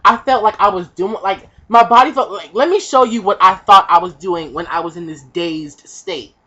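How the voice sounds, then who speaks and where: A young woman vlogger telling a comic personal story, animated and profane, acting out the voices of the people in it. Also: medium pitch, normal speed. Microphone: webcam. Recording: dull lo-fi webcam audio.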